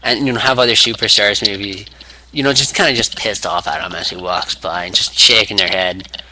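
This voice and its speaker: A man's voice: lowish voice, moderate pace, background noise. A young man rambling through a fantasy wrestling booking idea, with many restarts, acting out quotes. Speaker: wrestling fan video maker.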